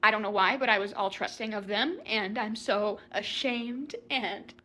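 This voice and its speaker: A young adult woman tells her story in an emotional confessional video for social media, anxious, self-blaming, rambling and close to tears. Her mid-range voice is pushed and bright, at a normal speed.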